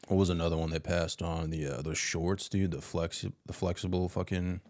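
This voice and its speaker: A man's voice: sits low, flat delivery, fairly quick, a little mellow. A man from Rhode Island, a podcast guest, talking in laid-back, crude banter full of swearing.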